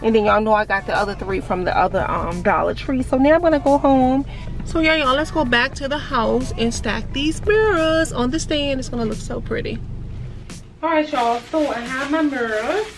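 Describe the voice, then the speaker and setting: A chatty, excitable woman talks straight to her viewers in a casual home vlog. Her voice sits a little high. She sounds a bit far from the phone mic, and music plays clearly behind her. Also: moderate pace. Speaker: vlogger. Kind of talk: casual chat. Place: in the car and at home.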